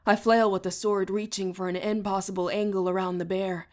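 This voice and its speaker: A woman narrating an audiobook in the first person with a steady, even reading. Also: medium pitch, a little fast, few pauses. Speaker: audiobook reader.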